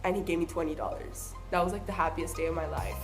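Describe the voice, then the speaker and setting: A young woman vlogger telling childhood stories in a casual, animated way, often acting out what people said. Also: lowish voice, quick pace, over music. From Southern California. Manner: chatty, animated, acts out quoted voices. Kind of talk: casual storytelling.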